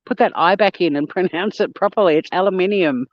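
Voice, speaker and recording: A woman's voice: fairly low pitch, fairly quick, dry recording, muffled recording. An Australian woman hosting a casual phone livestream, chatting with viewers, swearing freely and laughing often. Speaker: livestream host. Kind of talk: casual live chat reading viewer comments.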